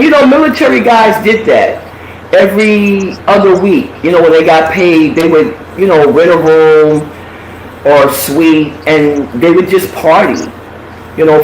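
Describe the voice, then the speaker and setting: A woman host telling a personal story in casual chat, with lots of profanity, acting out what people said. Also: sits low. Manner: profane, animated, acts out quotes. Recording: echoey room with faint noise.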